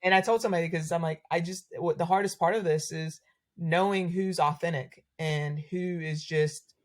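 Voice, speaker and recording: A woman's voice: fairly low pitch, steady tone, moderate pace. A woman, a battalion chief guest on a podcast, chatting casually with lots of "like" fillers. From North Carolina. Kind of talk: casual conversation.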